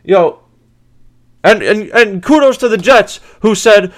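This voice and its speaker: A man hosts a sports podcast in a heated, profane rant. His pitch swings widely as he gets exasperated, and he stumbles and restarts his sentences. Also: animated, slow pace, a bit bright.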